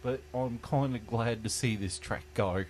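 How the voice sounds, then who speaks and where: A man's voice: medium pitch, measured pace, a little mellow, a little hiss or hum. A man hosting a casual sports podcast, joking, swearing and laughing often. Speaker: podcast host. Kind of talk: casual chat.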